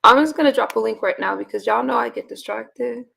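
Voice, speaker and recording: A woman in her thirties, hoarse and raspy, chatting casually with her livestream viewers and rambling with sighs and fillers. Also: a little high, brisk, fairly bright tone. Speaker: livestream host.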